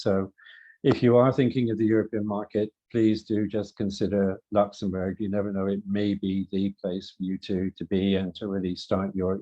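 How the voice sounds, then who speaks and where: A retired government official giving measured introductory remarks at a startup event. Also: male voice, low voice, warm tone. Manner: measured, hesitant restarts. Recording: muffled audio.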